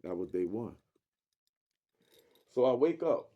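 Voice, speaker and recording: A man telling a personal story in a casual, profane, animated way, acting out the lines of other people. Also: medium pitch, slow, lo-fi sound.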